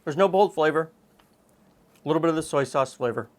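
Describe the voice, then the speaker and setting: A man's voice: a little high, brisk. A man hosting a home cooking show, talking casually and chattily as he cooks, with frequent ums. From Canada.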